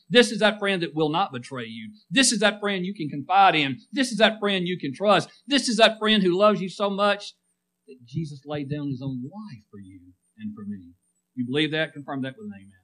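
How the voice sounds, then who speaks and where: A man's voice: a little high, a bit bright. A man preaching a sermon, calling for amens and drawing responses from the congregation with rising and falling emphasis.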